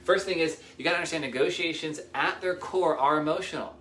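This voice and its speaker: Man, casual tips talk, energetic, repeats himself, roomy echo. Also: fairly high pitch, fast. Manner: energetic, repeats himself, acts out little dialogues. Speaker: real estate investor giving tips.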